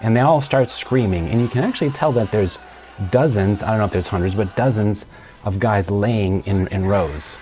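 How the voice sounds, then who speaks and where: Low-voiced man hosting a casual show. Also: normal speed. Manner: rambling, animated retelling with restarts. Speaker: podcast host. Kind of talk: casual solo talk show.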